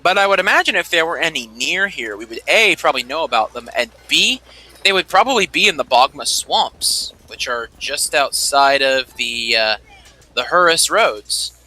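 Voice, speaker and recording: A man's voice: a little high, normal speed, exaggerated voice, rough recording. A man voicing an eager male cartographer who gushes over a famous actor, in a tabletop game. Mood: matter-of-fact. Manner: gushing fanboy, breathless excitement.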